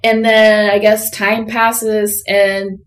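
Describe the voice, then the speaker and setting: A woman's voice: medium pitch, flat delivery, takes it slowly. A woman co-hosting a podcast, casually retelling a film plot in a rambling way, full of fillers. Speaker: podcast co-host. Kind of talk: casual chat recapping a film.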